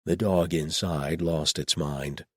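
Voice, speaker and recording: A man narrating an audiobook in even, measured storytelling. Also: very deep voice, husky, no echo, clean studio sound.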